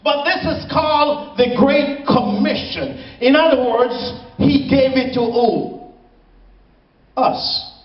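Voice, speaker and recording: A man preaching a sermon as pastor, slow and dramatic, with repeated refrains. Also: very high voice. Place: church sanctuary. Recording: echoey, dull church recording from far off.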